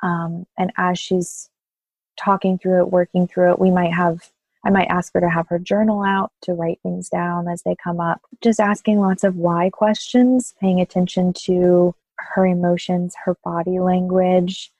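Low, flat-toned woman doula, gentle and reflective; slight fry. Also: measured pace, dry recording, poor audio. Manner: thoughtful, gentle, with soft laughs. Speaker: postpartum doula. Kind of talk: interview conversation.

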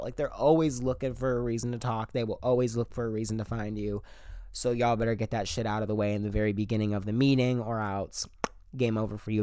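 A young adult man hosting a podcast, giving casual advice in an animated, profane, slangy way. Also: mid-range voice, clear, resonant tone, no echo, clean studio sound. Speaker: podcast host.

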